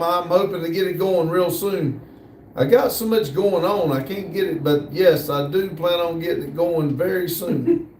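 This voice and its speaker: An easygoing American man hosts a live stream and chats through viewer comments, pausing often as he goes. His voice sits a little high for a man and sounds set back from the mic. The room around him is hollow and echoey. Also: a little mellow, recorded from a distance, a little hiss or hum. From United States. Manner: easygoing, hesitant, frequent "uh" pauses. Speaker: livestream host. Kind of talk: casual live chat, reading viewer comments aloud. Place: workshop building near a shop area.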